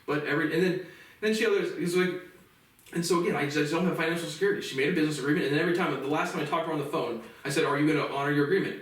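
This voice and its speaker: Here the man, a vlogger in his late twenties, sounds on the high side and a bit bright, racing through an angry, profanity-laced rant about himself aimed at the camera. It's picked up from a distance in a reverberant room.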